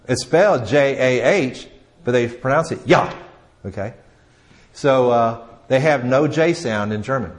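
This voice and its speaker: A man teaching a class in a conversational way, with frequent restarts, questions to the audience, and a voice that drops quietly at the ends of phrases. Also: medium pitch, lively intonation, a little slow. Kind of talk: classroom lecture.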